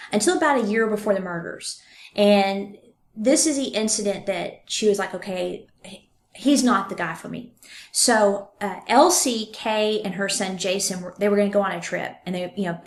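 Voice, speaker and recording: A woman hosting a true crime podcast, retelling a case with lively acted-out quotes. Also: mid-range voice, roomy sound. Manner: animated, acts out quotes. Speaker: podcast host.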